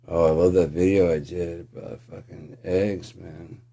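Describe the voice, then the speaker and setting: A man's voice: sits low, flat delivery, takes it slowly, gravelly, pauses often, dark tone. A man ranting in a casual, profane, sarcastic monologue as a channel host.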